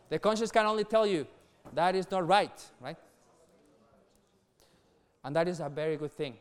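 A middle-aged man preaching earnestly to young people, laughing softly between points and repeating words as he goes. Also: on the high side, measured pace, long pauses, smooth. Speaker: youth pastor.

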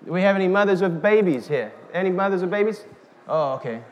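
A man preaching a sermon, slow and emphatic, calling out questions to the congregation. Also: high-pitched, lively intonation. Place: church hall. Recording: reverberant hall with faint noise.

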